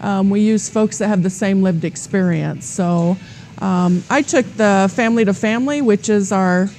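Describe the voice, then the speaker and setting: A woman guest explains her program work in a steady, unhurried way, pausing often on "um." Her pitch sits in an ordinary middle range. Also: a little hiss or hum. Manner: steady, with frequent um fillers. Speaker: nonprofit program coordinator, guest. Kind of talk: interview answers.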